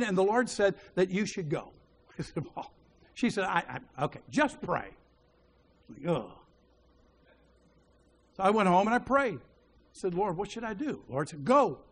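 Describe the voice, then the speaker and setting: A man preaching a sermon, telling a story and acting out the voices in it, dropping to a hushed voice when he quotes a prayer. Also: high voice. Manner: animated storyteller who acts out the dialogue.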